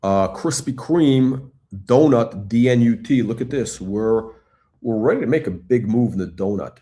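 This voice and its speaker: A middle-aged man hosting a live stock chat, talking in an excitable, blunt, repetitive way and swearing now and then. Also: medium pitch, measured pace. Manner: excitable hype, blunt, swears, repeats himself. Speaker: stock channel host. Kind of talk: livestream stock chat reading chat questions.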